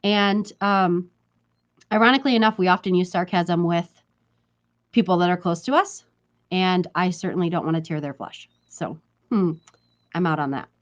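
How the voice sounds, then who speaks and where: A woman's voice: lowish voice, moderate pace, long pauses, highs cut off. A woman talking casually to her viewers, chatty and emphatic, repeating her points and laughing between them. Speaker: vlogger. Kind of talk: casual talk to camera.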